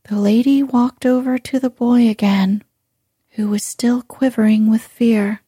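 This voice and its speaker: Slow whispering woman storyteller. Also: on the high side, steady tone, slightly rough, no echo, clean studio sound. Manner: soft, measured narration. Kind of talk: whispered role-play.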